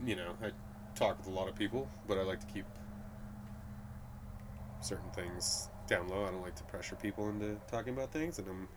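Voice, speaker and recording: A man's voice: deep voice, fairly quick, long pauses, noisy background. A man from New Mexico, a brewery guide, chatting casually and laughing easily between many fillers. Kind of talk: casual conversation.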